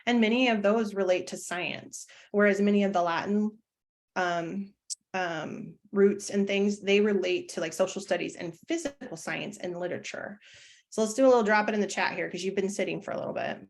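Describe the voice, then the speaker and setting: A woman teacher talks through a live online presentation at a middle pitch. Her delivery is loose and chatty, full of ums and restarts, and she jokes at her own expense. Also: moderate pace. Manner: chatty, self-deprecating, many fillers and restarts.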